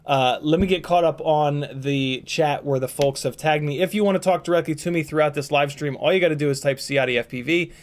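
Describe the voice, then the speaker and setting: A man's voice: a little high, brisk, hardly any pauses. A man hosting a casual live stream, rambling and joking as he reads out viewer names, his voice tired and strained. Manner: rambling, playful, swearing, frequent ums and throat clearing. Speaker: livestream host.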